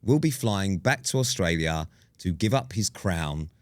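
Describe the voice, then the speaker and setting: A man's voice: low voice, lively intonation, unhurried, no echo. A man co-hosting a podcast, teasing his co-host in casual banter. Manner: teasing, mock-stern.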